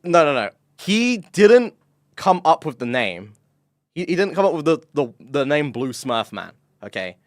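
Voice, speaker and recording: A man's voice: a little high, very animated, unhurried, no room sound, studio quality. A man telling a story on a live stream in casual chat, swearing, laughing and full of fillers.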